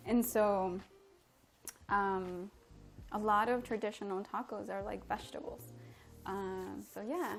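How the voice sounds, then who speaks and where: Cooking in her home kitchen, a young Mexican livestream host chats casually, giggles, and responds to viewer comments. She speaks on the high side, unhurried and with frequent pauses, while faint music plays behind her.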